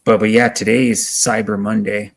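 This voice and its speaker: A man's voice: lowish voice, flat delivery, normal speed, creaky, slightly rough. A man in a casual chat on a video call, rambling and often repeating his words. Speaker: co-host.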